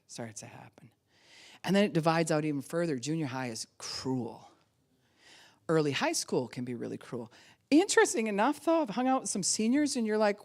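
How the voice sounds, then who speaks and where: A woman pastor preaching a sermon in an animated way, laughing often and acting out the voices she quotes. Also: lowish voice, normal speed, pauses often.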